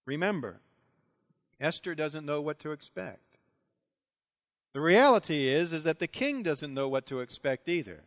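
A man preaching a sermon, retelling a biblical story with dramatic, animated delivery. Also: a little high, moderate pace, long pauses. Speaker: pastor.

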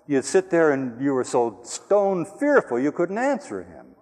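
An older man, a pastor, telling a story in an earnest, plain sermon style, going soft on reflective lines. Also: fairly high pitch, huge pitch swings, unhurried, few pauses. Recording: long hall reverb.

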